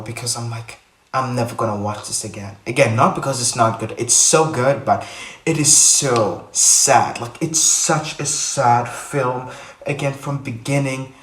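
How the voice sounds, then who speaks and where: A man vlogging to the camera in casual chat, rambling and repeating himself with animated bursts. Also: mid-range voice. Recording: echoey room, a bit far from mic.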